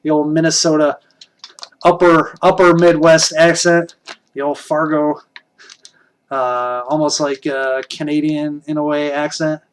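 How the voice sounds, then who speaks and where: A man's voice: fairly high pitch, little pitch movement, unhurried, a little hiss or hum. A middle-aged man hosting a live stream, rambling casually and chuckling while answering viewer comments. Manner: rambling, chuckles often, talks to chat.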